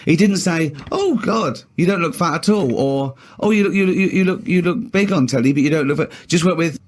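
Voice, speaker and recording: A man's voice: a little high, a little fast. Teasing man in podcast banter. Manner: teasing, sarcastic. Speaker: co-host.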